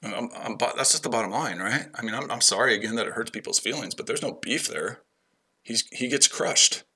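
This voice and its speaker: A man's voice: mid-range voice, brisk, pushed and bright, husky. A man hosting a trading livestream, brash and profane, chatting to viewers by name and trash-talking rivals. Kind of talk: casual livestream chat.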